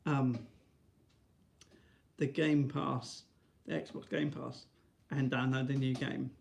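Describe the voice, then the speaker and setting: A man's voice: little pitch movement, slow, gravelly, a little mellow, slight background noise. A man rambling to camera in a casual vlog, restarting often and tagging lines with "right?". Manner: high sing-song baby talk to his dog. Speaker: vlogger.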